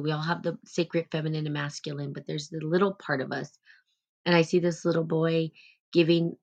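A woman hosting a live stream, talking casually about self-love in a gentle, rambling way. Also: deep voice, muffled recording. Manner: rambling, gentle, many "like" fillers. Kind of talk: casual spiritual self-help talk.

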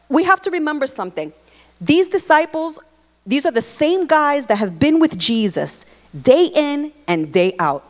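A woman preaching a sermon, expressive and emphatic, leaning into repeated phrases. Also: sits high. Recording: long hall reverb.

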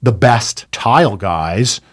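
A man's voice: lowish voice, lively intonation, slow. A man, a building contractor, giving advice in a casual conversation, repeating phrases for stress and stacking points in lists.

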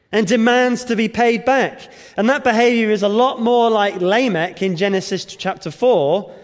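Male preacher, high-pitched voice, expository sermon with rhetorical questions, hall reverb.

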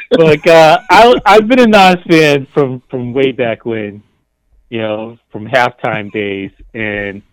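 A man's voice: medium pitch, no echo, rough recording. An enthusiastic man chatting on a podcast, his voice close and dry. He speaks with emphasis and lets out easy laughs between points. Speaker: podcast co-host. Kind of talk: casual chat.

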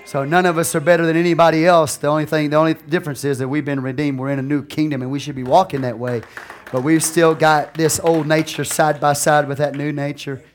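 High-voiced preacher swinging from hush to shout. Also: male voice, flat delivery, fast talker, a little hiss or hum. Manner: laughs often, talks to the congregation. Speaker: pastor. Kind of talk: sermon. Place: church.

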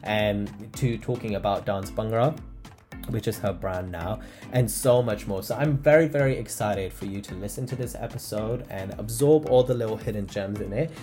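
A man's voice: fairly low pitch, normal speed, warm tone, faint music behind. Upbeat man hosting a podcast. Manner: upbeat, enthusiastic, teasing. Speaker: podcast host. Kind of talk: scripted intro then casual chat.

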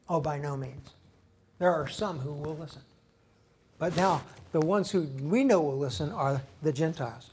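A male pastor preaches with real fire, his slightly raised voice carrying a gravelly, fry-tinged edge. He swings from loud, driving outbursts to hushed, earnest stretches. A faint hiss sits under the recording. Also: on the high side. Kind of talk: sermon.

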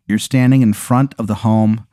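Male comedy host, deadpan storyteller, dry studio sound. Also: on the low side, no room sound. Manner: deadpan, drawn-out narration with sudden absurd turns. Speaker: podcast host telling an improvised story.

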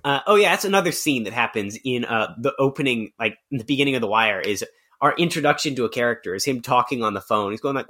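A man's voice: medium pitch, expressive, fast talker, bright, forceful tone. A young man co-hosting a podcast, chatting casually with a sarcastic edge, laughing often and mimicking voices. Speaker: podcast co-host. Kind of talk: casual chat.

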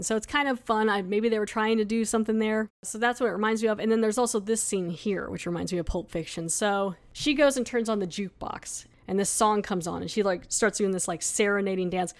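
A chatty woman hosting a podcast and recapping an episode casually. She talks loosely, with lots of fillers and asides. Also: mid-range voice. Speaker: podcast host.

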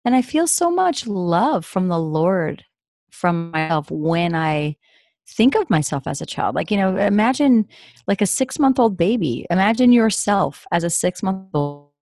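A woman co-hosting a podcast in a casual faith talk, speaking in a gentle, encouraging and chatty way. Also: lowish voice, big pitch swings, measured pace, no echo, studio quality. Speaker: podcast co-host.

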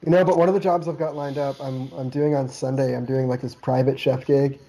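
A man from Canada talking in a casual podcast chat, his voice very dark and mellow. He rambles loosely, leaning on "like" and dropping casual swear words. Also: medium pitch, steady tone, brisk, poor audio. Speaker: podcast co-host.

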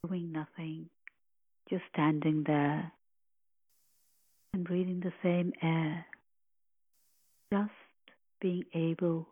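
A woman giving a slow, reverent spiritual commentary on a sacred hymn, reflective and full of pauses. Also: lowish voice, no echo. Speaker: podcast host explaining scripture. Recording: tinny phone-like line.

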